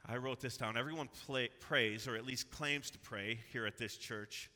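Male pastor, very bright and cutting tone, earnest urgent delivery, long church reverb. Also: medium pitch, moderate pace. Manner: earnest and emphatic, rising to urgent exhortation. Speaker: preacher. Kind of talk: sermon with scripture reading. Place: church sanctuary.

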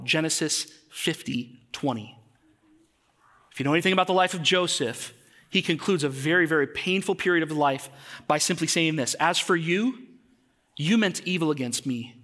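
At church, a pastor in his thirties preaches a sermon to his congregation in a conversational style, frequently putting questions to them. His voice is a little high with a sharp tone.

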